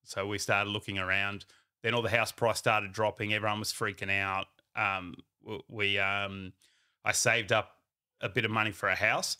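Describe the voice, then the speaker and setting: A man, a company founder telling his story in a casual, animated way and acting out what people said to him. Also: lowish voice, normal speed, smooth.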